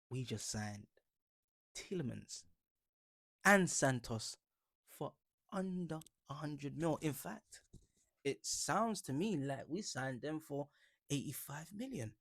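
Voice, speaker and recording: A man vlogging about football in a laid-back, joking way, rambling with slang and fillers. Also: a little high. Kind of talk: casual reaction vlog.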